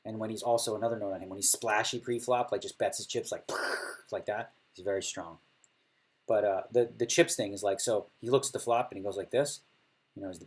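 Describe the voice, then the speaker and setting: Husky, chatty man reading poker notes. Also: fairly low pitch. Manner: chatty, laughs often, acts out table talk. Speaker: poker player streaming and answering chat. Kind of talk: casual chat.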